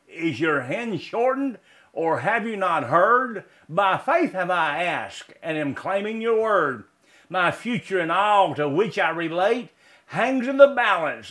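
A man preaches in a slow, unhurried cadence, his voice sitting noticeably high. He leans on repetition and emphatic exhortation, moving between sermon, recited verse and prayer. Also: a bit bright.

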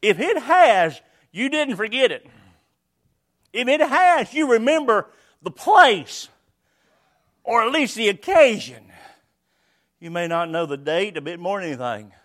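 Older male preacher, high voice, repeats his points hard, then drops to near-whisper. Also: sing-song, unhurried, long pauses. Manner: emphatic, repetitive, swings between loud and hushed. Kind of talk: sermon.

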